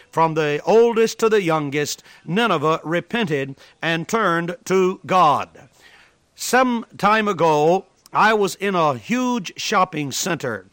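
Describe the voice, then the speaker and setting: A man's voice: sits high, a bit bright, no room sound. A man preaching a sermon, telling a story in an earnest, emphatic way.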